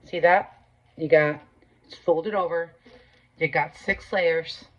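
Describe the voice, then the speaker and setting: A woman's voice: deep voice, fairly even intonation, slow, a bit bright, dull audio. A woman hosting a casual craft tutorial, chatty and full of ums and likes as she walks through each step.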